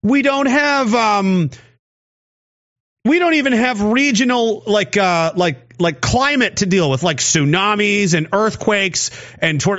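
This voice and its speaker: This Canadian man answers his livestream chat in a high, fairly bright voice at a measured pace, cursing and rambling with sarcasm. The audio sounds muffled, and the talk is casual commentary.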